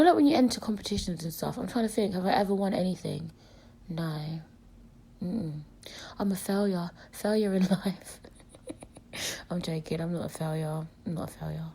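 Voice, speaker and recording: Here the young British woman's voice sits on the low side, warm but a little rough. Alone on her podcast and suffering from a cold, she chats openly and swears freely.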